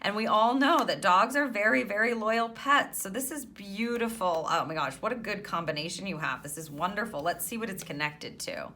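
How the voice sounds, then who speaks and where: A woman's voice: mid-range voice, animated, normal speed, hardly any pauses, pushed and bright. A woman giving a tarot reading to camera, enthusiastic and chatty, often exclaiming and laughing. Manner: chatty, with many restarts and fillers. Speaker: tarot card reader.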